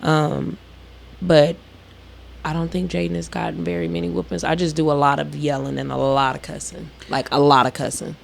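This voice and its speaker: A woman's voice: sits low, level tone, moderate pace, vocal fry, slight background noise. A woman in her thirties co-hosting a podcast, chatting casually and bluntly, swearing freely and acting out arguments. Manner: profane, blunt storytelling, acts out arguments. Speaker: podcast co-host. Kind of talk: casual chat.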